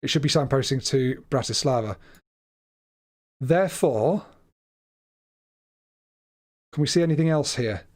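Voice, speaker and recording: A man's voice: mid-range voice, a little slow, long pauses, a little mellow. A man hosting a live stream, commentating a game as he thinks aloud in a chatty, hesitant way that often stumbles over his words. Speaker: livestream host.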